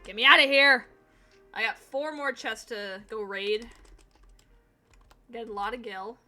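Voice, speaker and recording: A woman's voice: fairly high pitch, fairly even intonation, measured pace, pushed and bright, faint music behind. A woman streaming a video game, chatting casually and sleepily, swearing freely and laughing often. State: sleepy, yawning. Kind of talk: casual chat while playing a video game.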